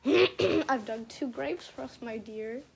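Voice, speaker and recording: A young woman casually chatting to herself while playing a game and watching videos, excitable and slangy, swinging between loud outbursts and quiet mutters. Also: sits high, a little slow, vocal fry, poor audio. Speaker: vlogger. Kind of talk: casual gaming commentary.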